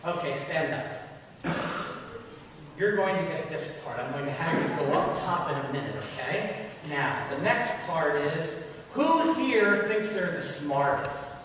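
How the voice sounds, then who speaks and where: Man pastor doing a kids talk, bit high voice, big echoey church, mic kinda far. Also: big pitch swings, unhurried, a bit bright, slight background noise. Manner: friendly, coaxing children. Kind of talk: children's message with storytelling. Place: large church sanctuary.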